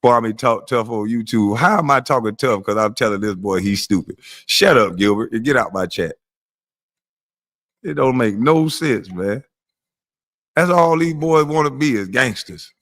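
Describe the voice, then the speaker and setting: Man hosting a live stream, mid-pitched, profane and mocking, blunt delivery. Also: animated, moderate pace, fairly bright tone. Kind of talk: ranting monologue on a live stream.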